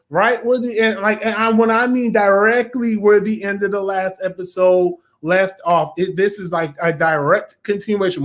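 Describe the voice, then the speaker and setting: High-voiced chatty male reviewer. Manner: chatty and animated, acts out quotes. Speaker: show host reviewing an episode. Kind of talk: casual video review.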